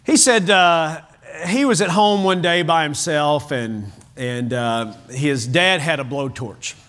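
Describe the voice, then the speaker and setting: A middle-aged pastor from the United States preaching in a church, reading scripture and adding lively, chuckling asides. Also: male voice, on the high side, takes it slowly. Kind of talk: sermon. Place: church sanctuary.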